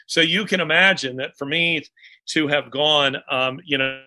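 Male author guest, bright tone, halting delivery. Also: fairly high pitch. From Alabama, US. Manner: halting, with many pauses and restarts. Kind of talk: casual interview conversation.

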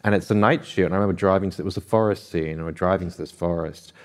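A man on a festival panel, telling anecdotes in a chatty, animated way and acting out what people said. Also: deep voice, racing. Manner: animated storyteller, lots of "I was like" quotes. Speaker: author on a panel.

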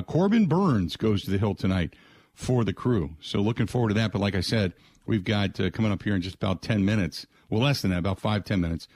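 Man hosting sports talk radio. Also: on the low side. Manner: conversational, frequent "uh" fillers, rattles off game stats.

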